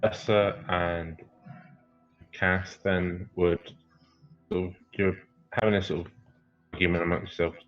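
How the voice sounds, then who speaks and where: A man's voice: sits low, level tone, a little slow, long pauses, soft background music. A man narrating a tabletop game as dungeon master, hesitant and full of fillers. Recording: muffled lo-fi stream audio.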